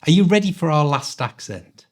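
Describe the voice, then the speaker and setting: A man with a mild Liverpool Scouse accent, hosting an accent quiz in a clear, teacherly way. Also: on the high side, big pitch swings, normal speed. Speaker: podcast host, English teacher. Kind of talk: quiz host, scripted podcast.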